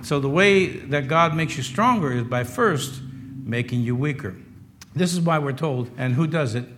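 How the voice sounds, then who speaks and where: A man in his sixties preaching a sermon in a conversational way, with wry humor, moving between loud emphasis and quiet asides. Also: a little high, expressive, moderate pace. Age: 60s. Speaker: pastor.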